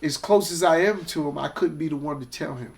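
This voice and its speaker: Gravelly, fairly high-pitched, and a little fast, this man's voice carries his casual storytelling as a guest. The Hollis, Queens, New York music executive is animated and profane, acting out the voices of the people he talks about.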